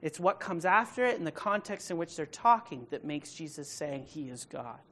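A woman's voice: sits low, lively intonation, moderate pace. Emphatic woman teaching a Bible study. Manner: emphatic, checks in with frequent rhetorical questions; grows loud and forceful when reading scripture aloud.

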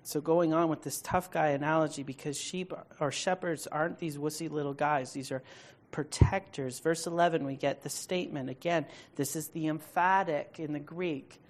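A woman Bible teacher leads an evening Bible study, speaking emphatically at a moderate pace with fairly even intonation. She checks in with her listeners by asking them questions, and her voice climbs to a loud, forceful pitch whenever she reads scripture aloud.

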